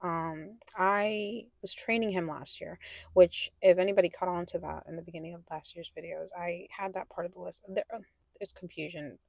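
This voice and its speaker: A woman's voice: lowish voice, steady tone, moderate pace, gravelly, darkish tone, no room sound. A young adult woman talking candidly in a personal vlog, rambling and correcting herself, sometimes dropping to a whisper. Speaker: vlogger.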